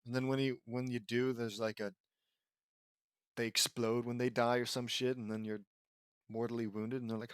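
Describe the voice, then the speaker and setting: A man's voice: mid-range voice, steady tone, moderate pace, dry recording, studio quality. Sarcastic, swearing man ranting on a read-through. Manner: profane, sarcastic, rambling. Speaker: audiobook reader and commentator. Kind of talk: reading fan fiction aloud with sarcastic commentary.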